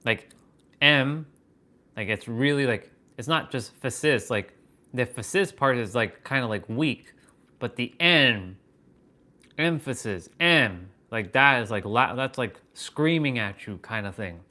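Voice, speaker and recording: A man with a mid-range voice hosts a livestream on fitness and wisdom, thinking out loud in halting, wondering phrases broken up by bursts of excited swearing.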